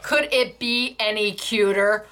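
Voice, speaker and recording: A middle-aged woman hosting a craft class from her store, gushing and emotional over handmade gifts, laughing often and talking slowly and fondly. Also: medium pitch, fairly even intonation, pushed and bright. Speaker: craft store owner and host. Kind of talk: unboxing and showing crafts on a class video.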